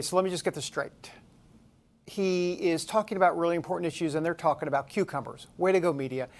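A woman hosting a talk radio show, reading headlines aloud with mocking sarcasm. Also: mid-range voice.

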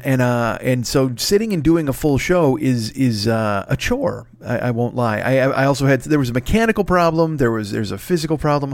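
A man's voice: medium pitch, dry recording, clean studio sound. A man hosting his podcast, under the weather, rambling and swearing with many restarts in a casual solo announcement. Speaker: podcast host.

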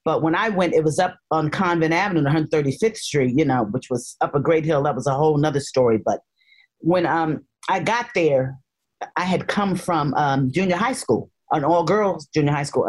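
An older woman, a guest joining by remote line, telling stories from her childhood in a playful, expressive way. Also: low voice, moderate pace. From North Carolina, raised in Harlem. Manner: animated storyteller, playful and expressive. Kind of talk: casual chat.

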